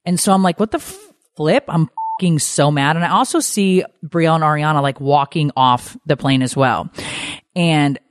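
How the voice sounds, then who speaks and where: A woman's voice: low-pitched, normal speed, dry recording, studio quality. A mother and podcast host telling a story in a casual way, swearing freely and acting out other people's lines as she goes. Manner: animated, swears freely, acts out quoted lines.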